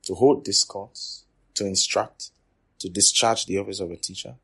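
Male preacher, low husky voice, emphatic and repetitive sermon delivery. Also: fairly even intonation, normal speed. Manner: repetitive, emphatic, swings from loud to quiet. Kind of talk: sermon teaching.

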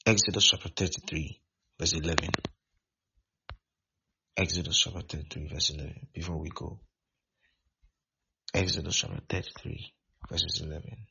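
A man's voice: low-pitched, steady tone, moderate pace, creaky, long pauses, sharp tone, husky. A man preaching a sermon as pastor, exhorting with lots of repetition. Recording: dull lo-fi recording.

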